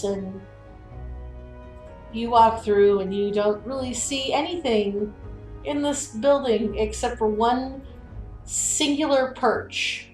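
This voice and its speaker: A woman runs a tabletop game and narrates the scene at an unhurried pace. Her voice carries a roomy echo, with faint music underneath. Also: mid-range voice. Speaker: game master. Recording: echoey room.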